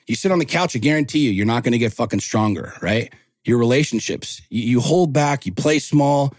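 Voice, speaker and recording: A man's voice: medium pitch, darkish tone, no room sound, studio quality. A man in his forties speaking as a podcast guest, telling stories in a blunt, profane and impassioned way. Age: 40s. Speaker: podcast guest, men's coach. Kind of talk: casual interview talk.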